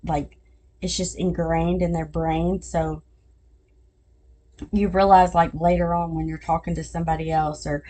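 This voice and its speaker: A woman's voice: lowish voice, warm tone. A middle-aged woman hosting a podcast, telling family stories in casual chat and laughing at her own jokes. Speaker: podcast host.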